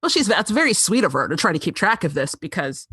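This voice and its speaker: Casual, giggly woman podcast co-host, animated delivery, dry mic. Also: on the low side, husky, dry recording. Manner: giggly, acts out characters' lines in quick bursts. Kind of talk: casual chat recapping a TV episode.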